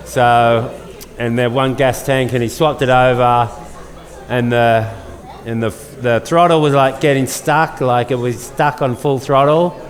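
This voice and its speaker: A man's voice: mid-range voice, fairly even intonation, a little slow. A man in his fifties with an Australian accent, telling a story casually with many fillers and restarts. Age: 50s. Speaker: guest storyteller. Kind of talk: casual storytelling at a live event. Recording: long hall reverb.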